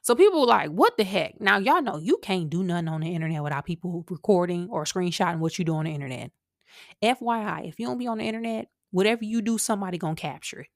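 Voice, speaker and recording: A woman hosting a podcast and chatting through the news in a casual, animated way, with asides to her listeners. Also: lowish voice, quick pace, no room sound, clean studio sound. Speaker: podcast host. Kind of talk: casual commentary monologue.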